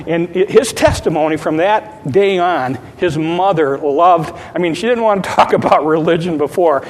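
A man's voice: normal speed, few pauses. A man preaching as a pastor, retelling a story and building to fervent preaching. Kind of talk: sermon. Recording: long hall reverb, faint rumble.

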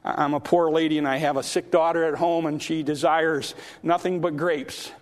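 Guy doing a humble poor mom, soft and pleading. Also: fairly high pitch, steady tone, normal speed, close to an everyday voice.

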